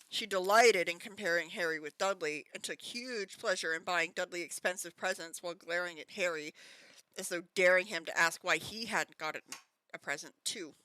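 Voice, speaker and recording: A Canadian woman hosting a casual book club stream, reading a novel aloud in a lively way. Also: lowish voice, no room sound. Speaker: host, reader. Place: home streaming setup.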